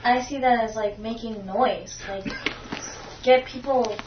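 A woman's voice: a little high, fairly even intonation, a little slow. A woman in a Bible study group giving a hesitant, tentative answer to the teacher's question. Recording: distant, dull lo-fi recording with faint noise.

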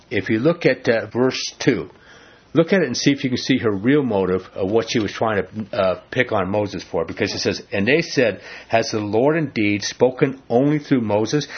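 In a muffled recording, a man with a mid-range, slightly rough voice leads an informal Bible study. He's animated and conversational, acting out the quotes as he reads them.

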